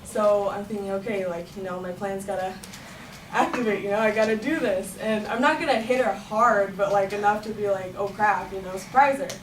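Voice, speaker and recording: A woman's voice: medium pitch, fairly even intonation, brisk. Chatty young woman in an echoey room. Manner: chatty, laughing storytelling with many "like"s. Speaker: storyteller. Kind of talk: personal story told to a room. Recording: echoey room, far from the mic, noisy.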